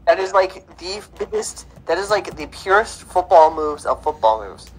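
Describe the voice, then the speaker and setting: A man's voice: high voice, big pitch swings, normal speed, rough recording. A man co-hosting a casual sports podcast, pressing his opinions and repeating his points. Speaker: podcast co-host.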